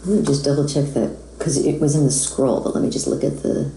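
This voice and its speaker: Low, mellow American woman chatting casually while she signs, roomy sound. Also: fast, slight background noise. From United States. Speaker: voice actress signing autographs. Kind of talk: casual live-stream chat.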